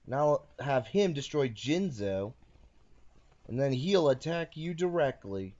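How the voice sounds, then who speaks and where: A man's voice: mid-range voice, sing-song, unhurried, darkish tone, dull audio. A man hosting a casual card game session, playfully narrating each of his moves. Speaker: host and card game player. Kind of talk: casual chat while playing a card game.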